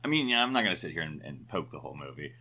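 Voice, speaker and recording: A man's voice: extremely low pitch, very animated, racing, bright, forceful tone, slightly rough. A man in his forties from the United States, co-hosting a podcast in casual, digressive, upbeat chat. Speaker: podcast co-host.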